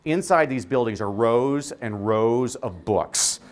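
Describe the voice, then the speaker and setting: A man's voice: mid-range voice, takes it slowly. A man who is a teacher, giving a joking, preacher-like keynote speech. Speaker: teacher giving a conference talk.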